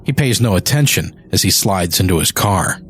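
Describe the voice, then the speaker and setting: A man narrating a scripted audio drama in a slow, measured storytelling manner. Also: deep voice, expressive. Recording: music bed behind narration.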